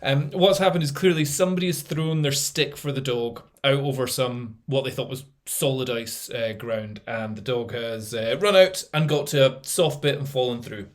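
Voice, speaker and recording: A man's voice: medium pitch, moderate pace, hardly any pauses. A man casually commenting on a video, chatty and laughing now and then, with lots of fillers. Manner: chatty, laughs at what he sees, trails off with fillers.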